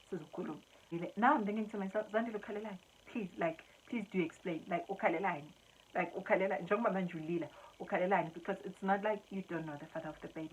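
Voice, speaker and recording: A woman's voice: on the low side, slight background noise, poor audio. A young South African woman vlogger tells a story casually and with animation, switching between English and Zulu and Xhosa and laughing often.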